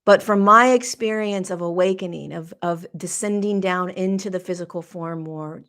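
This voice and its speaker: Middle-aged woman, podcast host, lower voice, halting spiritual musing, emotional. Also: a bit bright. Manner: slow, searching, halting and emotional. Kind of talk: reflective spiritual monologue.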